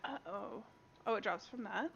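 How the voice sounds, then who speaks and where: A woman's voice: mid-range voice, normal speed, creaky, fairly bright tone, slight background noise. A young Canadian woman streaming a game, chatting and laughing with viewers and a friend. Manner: chatty, laughs often, talks to chat and a friend. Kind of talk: casual gaming stream chat. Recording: dull lo-fi stream audio.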